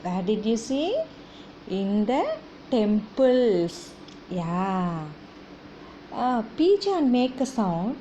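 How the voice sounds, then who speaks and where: A woman's voice: a little high, big pitch swings, warm tone, slight background noise. A woman teaching small children animal sounds, coaxing them with questions and imitating the animals. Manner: slow, sing-song, coaxing with questions and animal noises. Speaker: kindergarten teacher.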